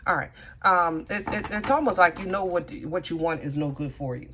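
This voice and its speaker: Low-voiced chatty tarot reader woman. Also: expressive, fairly quick, background noise. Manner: chatty, thinks aloud, talks to the cards. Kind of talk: casual tarot reading.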